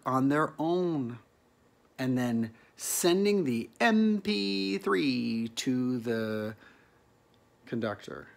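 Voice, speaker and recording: A man's voice: medium pitch, expressive, measured pace, creaky. A middle-aged male actor delivering a rambling, earnest spoken monologue in a pleading tone.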